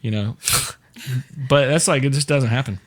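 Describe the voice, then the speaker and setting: A man's voice: mid-range voice, normal speed. A middle-aged man hosting a casual chat show, joking and rambling with lots of fillers. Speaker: show host.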